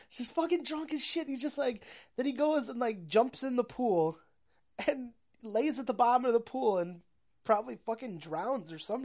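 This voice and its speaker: A young woman casually recapping a film, rambling and profane, with lots of fillers. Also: fairly high pitch. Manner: rambling, profane, laughing often, many fillers.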